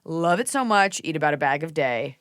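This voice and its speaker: Animated woman host telling stories. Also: sits low, brisk, no room sound, clean studio sound. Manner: animated storyteller, acts out quotes, swears. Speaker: podcast host. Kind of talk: casual podcast chat.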